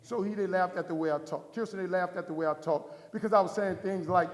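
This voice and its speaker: A middle-aged man tells his story to a crowd, acting out each line of dialogue with a preacher's rhythm. His voice sits high for a man. The sound comes from far off in a large, echoey hall. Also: fast talker, hardly any pauses. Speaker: motivational speaker. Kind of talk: inspirational keynote speech. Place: large hall before a live audience.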